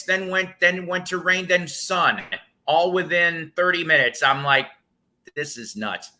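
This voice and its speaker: A man's voice: on the high side, bright, forceful tone. A man from the northern United States hosting a live stream, telling rambling anecdotes with frequent chuckles. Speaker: host of a record-collecting live stream. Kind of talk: casual storytelling chat.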